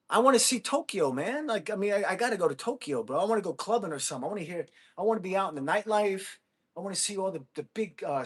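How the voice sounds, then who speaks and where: An American man hosting a casual livestream, chatting with viewers, thanking them and whooping with excitement. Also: high-pitched, breathy edge. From United States. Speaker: livestream host.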